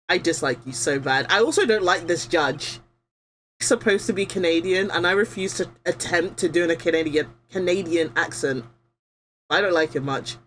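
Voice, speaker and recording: A woman's voice: on the low side, normal speed, fairly bright tone, faint music behind. A young woman streaming a game, chatting bluntly and casually while playing, often laughing. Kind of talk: casual gameplay commentary.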